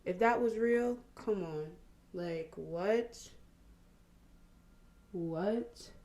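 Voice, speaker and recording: A young woman hosting a casual get-ready-with-me podcast, speaking in a relaxed Black at a mid pitch. She tells stories with bursts of laughter and drawn-out exclamations, then drops into quieter asides while she works on her makeup. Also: echoey room, dull audio. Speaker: podcast host. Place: at home, doing makeup.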